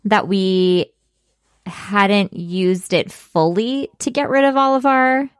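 A woman co-hosting a podcast in relaxed casual chat, full of fillers and laughing at her own stories. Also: mid-range voice, slow, smooth, dry recording, studio quality. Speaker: podcast co-host.

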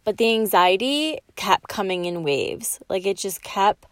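A woman's voice: medium pitch, dry recording. A young woman hosting a podcast, telling a personal story in a chatty way, full of "like" fillers. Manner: soft, slow and soothing in the meditation, quietly whispering at times; chatty and animated, with many "like" fillers. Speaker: podcast host. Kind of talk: guided relaxation, then casual storytelling.

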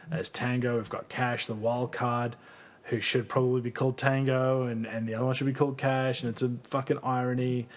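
Guy on a podcast hyping a movie, swears a lot, kinda husky voice. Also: medium pitch. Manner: enthusiastic, profane, playful. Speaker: podcast co-host. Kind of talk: casual chat.

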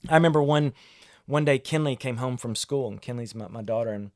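A man's voice: mid-range voice, fairly quick, darkish tone, no echo, clean studio sound. A man, a pastor talking candidly and conversationally about parenting, often restarting his sentences. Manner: candid, self-deprecating, conversational with frequent restarts. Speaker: pastor and podcast host. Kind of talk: reflective solo podcast talk on parenting.

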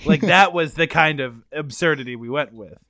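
A man's voice: fairly high pitch, normal speed, pushed and bright, dry recording, clean studio sound. A man co-hosting a comedy show, chatting easily about how their improv went. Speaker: comedy podcast co-host. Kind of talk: casual improv chat.

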